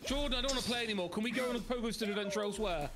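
A man's voice: sits high, very fast, over loud music. A man in a gaming call, grumbling and exasperated about the game. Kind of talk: casual gaming banter.

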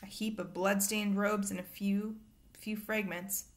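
A woman's voice: medium pitch, level tone, a little slow, natural voice. A woman reading aloud and voicing a middle-aged male government minister who sounds pompous and shaken. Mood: solemn.

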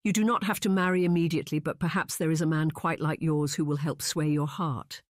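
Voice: mid-range voice, fairly even intonation, brisk, dry recording, clean studio sound, close to an everyday voice. Narrator doing a fretful, coaxing lady friend. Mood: earnest. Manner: earnest, coaxing delivery. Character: anxious, well-meaning female friend. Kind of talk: audiobook character reading.

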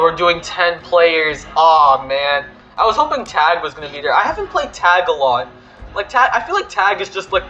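A man hosting a gaming video, commenting excitably and panicking with repeated words. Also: on the high side, lo-fi sound.

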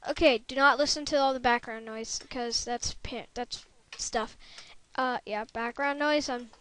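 A high-pitched, bright female voice gives loose running commentary on her gameplay from a room at home. She rambles, circles back and fixes her own sentences, speaking into a desktop computer microphone. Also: fairly even intonation, unhurried, smooth. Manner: rambling, chatty, self-correcting. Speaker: gameplay video maker.

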